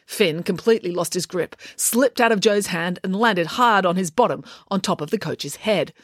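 A woman reading a children's adventure story aloud, lively and expressive. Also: on the low side, normal speed, no room sound, clean studio sound. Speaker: audiobook reader. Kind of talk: scripted storybook narration.

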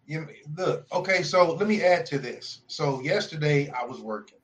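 A man co-hosting a podcast, telling a story in a casual, profane, animated way and acting out the people in it. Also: fairly high pitch, moderate pace, low-quality recording. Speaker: podcast co-host. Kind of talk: casual chat, storytelling rant.

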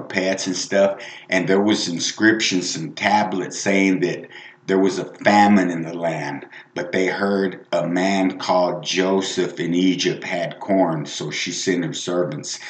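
A deep-voiced man preaches informally, rambling and emphatic, with a lot of asides. The sound rings around a roomy space. He talks plainly to his listeners as a lay evangelist. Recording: roomy echo.

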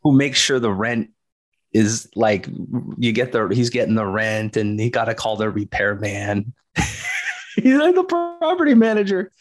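A man's voice: mid-range voice, lively intonation, unhurried. A middle-aged man co-hosting a casual history podcast, jokey and laid-back, often tagging his points with "right?" and "bro". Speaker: podcast co-host.

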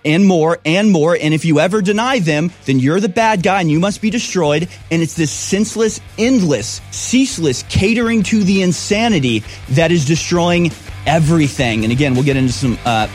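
A man's voice: on the high side, moderate pace, faint music behind. A man reading news stories aloud and breaking off into scornful, sarcastic commentary as host of his own show.

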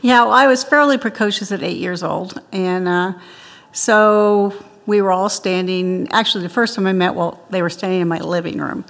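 A woman's voice: medium pitch, moderate pace, vocal fry, fairly bright tone, long reverb tail. An older woman being interviewed, telling childhood stories in a chatty way and laughing often. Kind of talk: interview storytelling.

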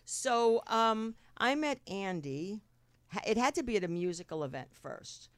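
A woman's voice: mid-range voice, expressive, unhurried, no echo. A middle-aged woman from New Jersey with a New Jersey accent, hosting a talk show in a brash, rambling, swearing style. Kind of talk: casual chat.

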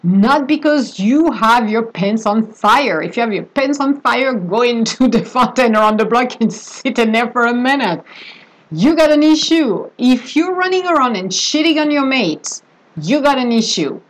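A woman's voice: a little high, expressive, normal speed, hardly any pauses, poor audio. A woman talking casually and emphatically about love spells, with chatty asides and a way of speaking English. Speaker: spiritual practitioner giving advice. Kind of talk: casual monologue.

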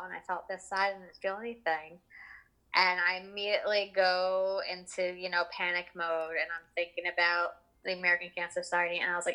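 Woman, 30s, interview guest. Bright, clear voice, candid and conversational. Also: on the low side, flat delivery, normal speed, rough recording. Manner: candid, chatty, full of fillers. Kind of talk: personal story in conversation.

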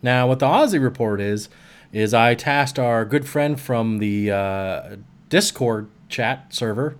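A male podcast host with a mid-pitched voice talks in a relaxed, meandering way. He fills the gaps with pauses and easy laughter. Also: clear, resonant tone. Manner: laid-back, rambling with fillers, laughs easily. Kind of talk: casual chat.

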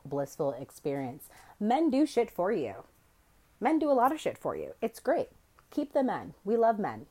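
A young woman hosting her own podcast, ranting brashly and swearing freely as she tells stories. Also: low-pitched. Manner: brash, profane, animated storytelling. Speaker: podcast host. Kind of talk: solo podcast rant.

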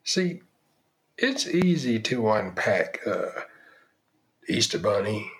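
A man's voice: fairly low pitch, very animated, slow pace. A man hosting a podcast, delivering an opinionated monologue in an emphatic, preachy style with lots of rhetorical questions. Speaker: podcast host.

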